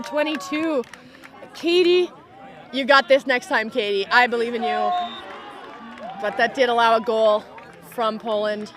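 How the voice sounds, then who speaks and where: A woman's voice: on the high side, fairly even intonation, a little slow, pauses often, crowd noise, background noise. A woman doing live sports commentary at an outdoor tournament, chatty and enthusiastic, cheering players on by name.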